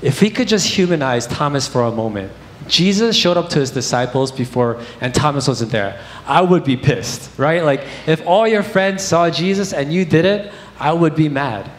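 A man's voice: fairly high pitch, animated, moderate pace, few pauses. A young man preaching a sermon, candid and conversational, telling personal stories with casual fillers. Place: church sanctuary. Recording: echoey church hall with faint noise.

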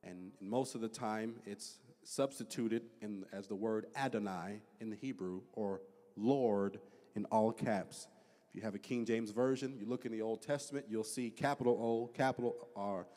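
A man preaching a sermon as pastor, drawing out scripture slowly and rising into fervent, loud prayer. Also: lowish voice. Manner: slow, drawn-out scripture reading. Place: church sanctuary. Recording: long church hall reverb.

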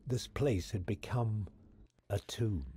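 An actor playing a solemn male game narrator who speaks in a hushed, husky voice with slow, grave pacing. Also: fairly low pitch, dry recording, full character voice. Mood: ominous. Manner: slow, measured, ominous delivery.

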